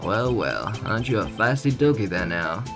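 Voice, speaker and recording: A man voicing a gloomy, laid-back Texan cowboy patrolman in a slow, poetic drawl, over game music. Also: lowish voice, big pitch swings.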